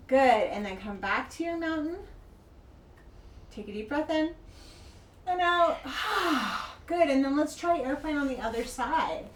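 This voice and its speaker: A woman teaching a kids' yoga class, gentle, playful and encouraging as she guides a child through poses. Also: sits high, expressive, unhurried, long pauses, recorded from a distance, slight background noise. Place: yoga studio. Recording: echoey room, mic from afar.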